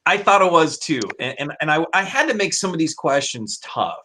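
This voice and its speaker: A man's voice: a little high, animated, brisk, bright, forceful tone, a little hiss or hum. A man hosting a casual live-stream chat, speaking in a hesitant way with many restarts. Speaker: host.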